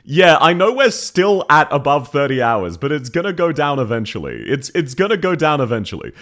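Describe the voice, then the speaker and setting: A man's voice: fairly high pitch, big pitch swings, brisk, a bit bright. A male streamer chatting casually with his viewers, laughing often and thanking them, slightly congested and coughing. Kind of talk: casual live stream chat.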